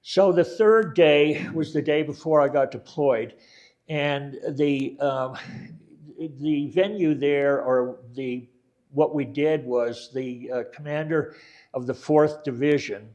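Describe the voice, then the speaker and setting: An older man telling his war story in a relaxed oral-history talk, wandering and correcting himself as he goes, with many fillers and dry quoted lines. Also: medium pitch, dull audio. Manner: rambling, backtracks and self-corrects, many fillers.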